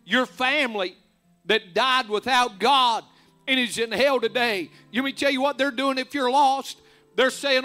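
A man preaching a fervent sermon, rising to loud emphatic peaks. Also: very high-pitched, a little slow, soft background music.

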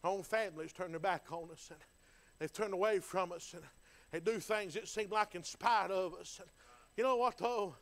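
A man's voice: high-pitched, normal speed, fairly bright tone. A man preaching a sermon in a folksy, fervent style, building in intensity. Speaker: pastor.

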